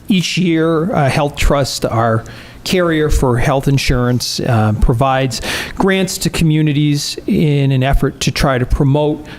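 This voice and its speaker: A man's voice: on the high side, a little slow. Hesitant male town administrator. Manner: hesitant, many fillers. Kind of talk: presenting an agenda item. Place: town council chamber.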